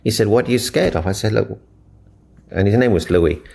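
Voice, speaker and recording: A man's voice: fairly low pitch, fairly quick, vocal fry, a little mellow. A man from Africa, a relationship mentor, answering interview questions with earnest, inspirational stories and retold dialogue.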